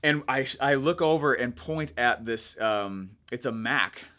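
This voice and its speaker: A young man coaching viewers in a chatty, energetic way, checking in with "right?" as he explains. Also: medium pitch, a little slow. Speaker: online marketing coach. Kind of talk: casual teaching monologue.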